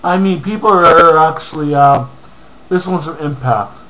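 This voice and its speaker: A man's voice: a little high, moderate pace, pushed and bright, rough recording. A man from Canada ranting angrily on a home vlog, reading comments aloud with lots of profanity and mumbled asides. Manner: angry, profane, heated rant with mumbled asides. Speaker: vlogger.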